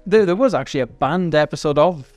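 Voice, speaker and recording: A chatty man on a podcast with a somewhat high voice, throwing in casual swearing. The sound is dry and close, with faint music in the background. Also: animated, fast, a little mellow, no room sound. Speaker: podcast co-host. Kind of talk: casual chat.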